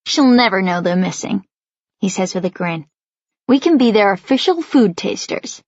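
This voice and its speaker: A woman's voice: medium pitch, animated, moderate pace, darkish tone, no echo, highs cut off. A woman voicing an easygoing young New Yorker. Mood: teasing. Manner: easygoing, grinning. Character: cheerful young New York man, friendly, teasing.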